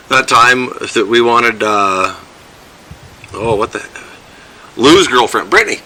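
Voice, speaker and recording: A man's voice: medium pitch, expressive, takes it slowly, bright, forceful tone, poor audio. A young man with a Northern English accent, telling crude stories in a boisterous, casual chat with a friend.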